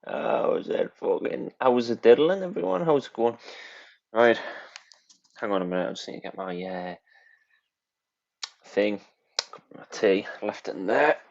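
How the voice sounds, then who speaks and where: A man's voice: lowish voice, measured pace, creaky, pauses often. Rambling man on a lo-fi stream. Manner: rambling, chatty, swears freely. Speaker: livestream host. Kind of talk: casual livestream chat. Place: home kitchen. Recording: dull lo-fi stream audio, faint hiss.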